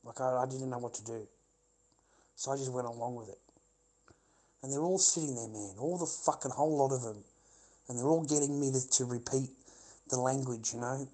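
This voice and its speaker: Brief: middle-aged man, livestream rant, swears constantly, bitter and repetitive, mid-pitched voice. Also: a little fast, low-quality recording. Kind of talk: rambling livestream monologue.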